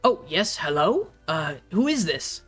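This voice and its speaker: A man's voice: on the high side, very animated, unhurried, a bit bright, husky, faint music behind, full character voice. A man voicing an older, polite male stranger who speaks hesitantly in a tabletop game.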